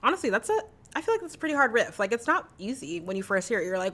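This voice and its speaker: A woman's voice: fairly high pitch, sing-song, racing, fairly bright tone. A young adult woman vocal coach teaching a singing lesson in a chatty, encouraging way, breaking into short sung demo notes.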